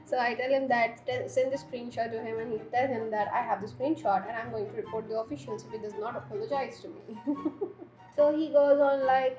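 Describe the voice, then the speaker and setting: Young girl ranting with lots of laughs, high voice, echoey room with faint music. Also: fairly even intonation, normal speed, a little mellow, lo-fi sound. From India. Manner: exasperated ranting, frequent laughter and swearing. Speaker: beauty vlogger. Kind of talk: storytime chat while doing makeup.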